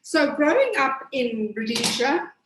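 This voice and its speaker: A woman's voice: sits high, sing-song, unhurried, very noisy. A woman pastry chef from Zimbabwe giving a chatty step-by-step cooking demonstration with plenty of fillers. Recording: echoey room.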